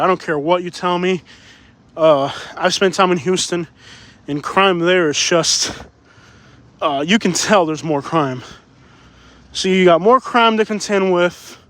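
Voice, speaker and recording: A man's voice: high-pitched, a little slow, a bit bright. A man live-streaming from a beach while walking, talking in an opinionated, emphatic way and getting out of breath. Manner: opinionated, emphatic, repeats himself. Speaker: livestream vlogger. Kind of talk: casual live-stream chat. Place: beach outdoors.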